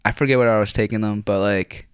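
Young Philly guy, lowish voice, dry close sound, swears and rambles through a casual story. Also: steady tone, fast talker, dry recording. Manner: rambling, profane, filler-heavy, frequent throat clearing.

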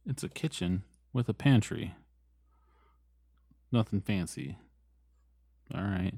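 A man playing a tabletop game, talking in a slow, joking way and often trailing off. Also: fairly low pitch, expressive, mellow, slightly rough, no echo, clean studio sound. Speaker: player. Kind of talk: casual tabletop game play.

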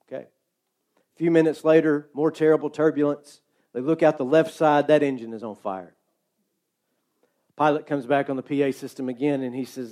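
A man preaching a sermon, slow and emphatic with dramatic pauses. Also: on the high side, fairly even intonation, dark tone.

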